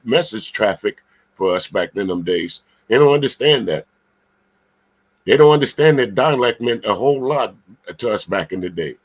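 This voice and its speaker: This Charleston, South Carolina man, medium-pitched, talks back at a clip in a casual reaction piece. He is blunt and emphatic, swears freely, and keeps catching on drawn-out fillers between points.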